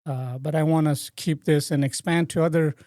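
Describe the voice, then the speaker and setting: A man answering questions as a guest on a radio interview, speaking in a halting way with frequent pauses and restarts. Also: on the high side, fairly even intonation, warm tone, no room sound, clean studio sound. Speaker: real estate broker, guest.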